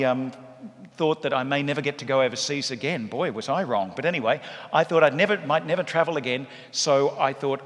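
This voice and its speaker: A man, a priest, giving a sermon in a church with lively, humorous storytelling. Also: medium pitch. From Australia. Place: large church. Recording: echoey church hall.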